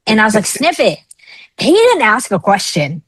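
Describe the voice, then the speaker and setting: On a dry, rough recording, a woman in her thirties speaks fairly quickly in a mid-range voice as a talk show guest. She tells a personal story openly and energetically, acting out each quoted person's voice.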